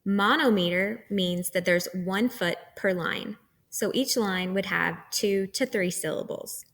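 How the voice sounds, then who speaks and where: A woman's voice: mid-range voice, measured pace, a bit bright. A woman teacher giving a recorded lecture, explaining terms patiently step by step.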